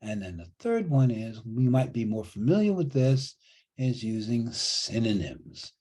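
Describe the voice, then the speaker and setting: Man, writing teacher, online class, patient explaining, mellow voice, slightly husky. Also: mid-range voice, big pitch swings, measured pace. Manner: patient, explanatory, repeats key points. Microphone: computer mic on a video call.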